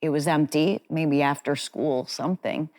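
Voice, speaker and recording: Frank woman with a low-pitched voice. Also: moderate pace, darkish tone. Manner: frank, self-deprecating, chatty. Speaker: interview guest. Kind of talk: candid conversational storytelling.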